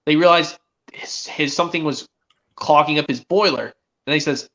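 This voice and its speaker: A man's voice: fairly high pitch, normal speed, bright, forceful tone, muffled recording. A teenage boy streaming a casual chat, rambling with many restarts as he retells cartoon scenes. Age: teens. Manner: rambling, restarts often, quotes characters.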